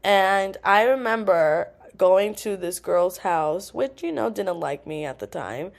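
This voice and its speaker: A young woman hosting a podcast, telling animated, laughing stories in casual chat and swearing freely. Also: mid-range voice, slow, creaky. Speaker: podcast host.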